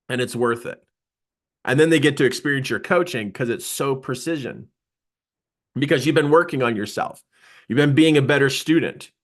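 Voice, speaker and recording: A middle-aged man, a business coach, telling a story in a live coaching talk and acting out his own surprise. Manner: animated storyteller, voice jumping high for quoted surprise.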